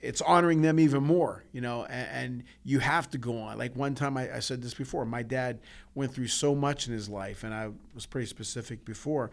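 A man's voice: mid-range voice, a little fast, gravelly. A man co-hosting a podcast, telling personal stories in an earnest, emotional way, with frequent restarts and repeats. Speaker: podcast co-host. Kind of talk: casual heartfelt podcast talk.

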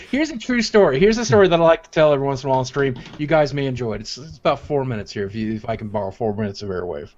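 A man's voice: mid-range voice, fast talker. A man co-hosting a stream, chatting casually in a profane, joking way and telling stories. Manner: profane, joking, animated storytelling. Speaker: streamer co-host. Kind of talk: casual chat. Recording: dull lo-fi sound.

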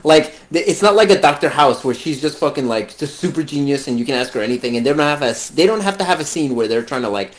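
A man's voice: a little high, fast, few pauses. A man in casual conversation about a film, swearing freely and acting out lines from characters. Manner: profane, animated, quotes characters in put-on voices. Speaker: podcast co-host.

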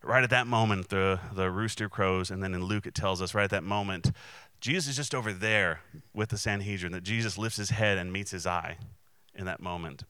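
A man's voice: low-pitched, fairly quick, few pauses, pushed and bright, clear, resonant tone, no echo. A man preaching a casual, conversational sermon, with many restarts and fillers and quoted voices acted out. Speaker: pastor.

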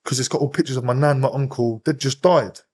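A man from England in his thirties, a podcast guest telling a rough story fast, swearing constantly and acting out other people's lines. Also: medium pitch. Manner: swears constantly, rapid animated storytelling, acts out voices. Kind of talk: casual storytelling interview.

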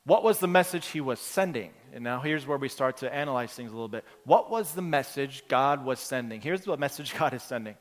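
A pastor delivers an earnest, conversational sermon, restarting phrases as he works through everyday examples. His middle-pitched voice has lively intonation and a brisk pace with few pauses, and the long reverb of a large church hall surrounds it.

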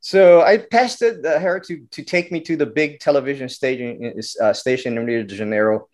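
A middle-aged man from Brazil, telling animated stories as a guest filmmaker and often restarting his words. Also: medium pitch, moderate pace. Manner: animated, acts out quotes, many restarts. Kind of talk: storytelling interview talk.

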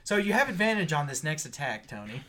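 Lively, bright-voiced man running the game. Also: fairly high pitch, quick pace. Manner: animated, swearing, playful narration. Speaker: game master.

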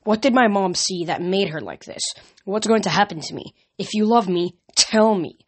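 A woman's voice: medium pitch, normal speed, lightly acted. A woman doing a bitter, defiant teenage boy.

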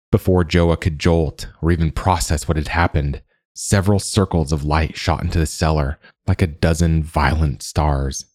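A man narrates a dark fantasy story at a measured, deliberate pace. His voice is extremely deep. The recording is dry and close, with no room sound. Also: dry recording. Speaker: audiobook narrator.

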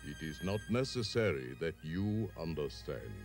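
An actor voicing a solemn, kindly old wise king in a 1960s animated film, speaking slowly over violin music. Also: rumbling low, heavily acted. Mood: grave. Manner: slow, measured, kindly. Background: soft violin music.

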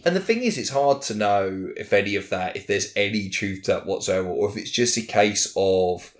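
A man with a fairly low voice co-hosts a podcast and tells history stories in a casual way. He jokes and swears freely between the facts. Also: moderate pace. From Ireland. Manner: swearing, animated banter. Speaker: podcast co-host. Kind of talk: casual chat and history storytelling.

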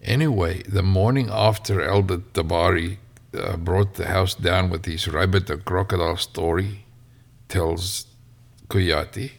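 A man narrating a story in an unhurried way, with fillers and spoken asides. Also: deep voice, fairly even intonation, gravelly. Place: home, near a mic.

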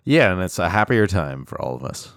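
A man hosting a casual podcast from his home office, talking in a halting way with many fillers and restarts. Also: deep voice, very animated, fairly bright tone, dry recording, clean studio sound. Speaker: podcast host.

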